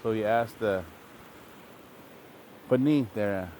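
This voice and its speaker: A man, a language teacher, telling a traditional story in a relaxed, repetitive oral style. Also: on the low side, takes it slowly, pauses often, slight background noise. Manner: relaxed, repetitive, plain-spoken.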